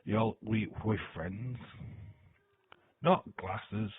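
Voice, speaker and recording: A man's voice: lowish voice, drawn-out words, husky, no echo. A man hosting a live stream, chatting loosely with viewers, reading their comments, swearing and laughing as he goes. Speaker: live-stream host reacting to wrestling. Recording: tinny phone-like dry sound.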